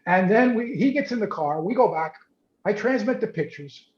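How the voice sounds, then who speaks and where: A man, a photojournalist, telling a long story in a casual, animated way on a video call, often repeating and restarting words. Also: sits high, normal speed. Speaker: photojournalist guest. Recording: roomy, dull video call audio.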